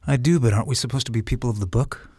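A man's voice: mid-range voice, very fast, dark tone, breathy edge, dry recording, clean studio sound. A man in a theology discussion, earnestly raising questions about faith and hope. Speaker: discussion participant.

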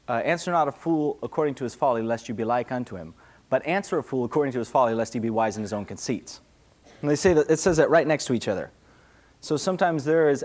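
A man, a pastor, answering questions in a casual, conversational sermon, acting out small voices. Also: mid-range voice. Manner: conversational, animated, acts out little voices.

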